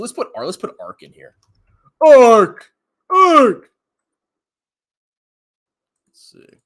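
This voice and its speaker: A man's voice: mid-range voice, a bit bright. A man ranting as a finance commentator on a livestream, mocking and laughing often while answering chat questions.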